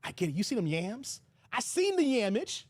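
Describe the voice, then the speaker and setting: Loud, animated livestream host, high-voiced man. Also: moderate pace, dry recording. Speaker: host of a livestream commentary show. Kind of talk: casual commentary reading live chat.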